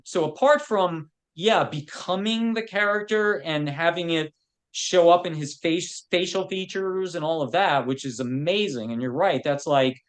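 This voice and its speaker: A man who works as a film producer, a guest on a podcast, telling anecdotes in a loose way full of "you know". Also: fairly high pitch. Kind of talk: casual interview chat.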